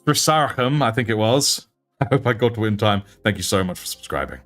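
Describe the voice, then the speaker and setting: A young British man with a deep voice, chatting in a relaxed, self-mocking way while he hosts a livestream. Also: fast talker, soft background music. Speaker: livestream host and miniature painter. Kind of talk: casual livestream chat.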